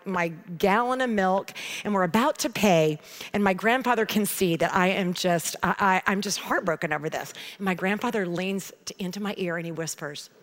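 A middle-aged woman giving a devotional teaching, telling a personal story in a chatty, animated way. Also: medium pitch. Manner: conversational storytelling, animated retelling. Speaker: Bible teacher.

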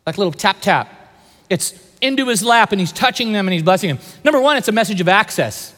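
Animated man preaching in a big hall. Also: high-pitched, moderate pace. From Bay Area, California. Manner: animated, asks the crowd questions. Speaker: pastor. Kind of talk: sermon. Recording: long hall reverb.

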